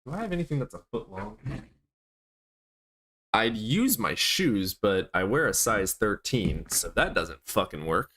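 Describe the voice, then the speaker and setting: Man, live streamer, casual chat, teasing, crude, lots of swearing, somewhat low voice. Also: very animated, unhurried, bright, forceful tone.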